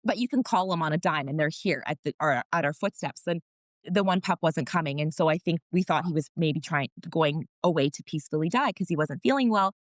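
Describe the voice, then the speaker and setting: A deep-voiced woman speaks a little fast with lively intonation in a clean, echo-free studio. She's a wellness practitioner guesting on a podcast, telling family stories frankly and with feeling in casual interview chat, occasionally swearing mildly.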